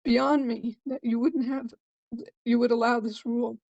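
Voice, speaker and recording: A woman's voice: on the high side, fairly even intonation, moderate pace, gravelly, a little mellow, no room sound, muffled recording. An older woman giving an emotional, urgent public comment at a hearing over a remote call.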